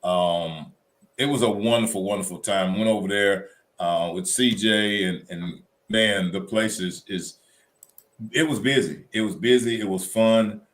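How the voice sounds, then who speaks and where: A man co-hosting a casual chat show, telling weekend stories in an animated, colloquial way. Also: lowish voice, a little slow. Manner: animated storytelling, Southern colloquial. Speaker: co-host.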